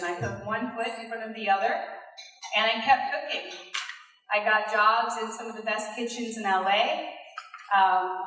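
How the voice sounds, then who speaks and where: A woman's voice: mid-range voice, a bit bright, low-quality recording. A woman from Puerto Rico, a chef and TV host, giving a heartfelt motivational speech that builds to rallying calls.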